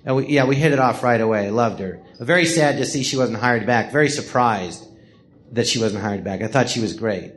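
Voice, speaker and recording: A man's voice: medium pitch, fairly quick. A middle-aged man from the Los Angeles area, telling stories in a casual interview with lots of laughter and acted-out quotes. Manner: animated, laughing storyteller who acts out quotes. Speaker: podcast host telling stories. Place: small live theater.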